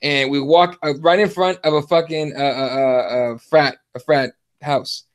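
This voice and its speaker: A man's voice: fairly high pitch, steady tone, unhurried. A man in his thirties hosting a podcast, telling a rambling story full of fillers and swearing. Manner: profane, rambling, lots of fillers. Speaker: podcast host. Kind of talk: casual chat, storytelling.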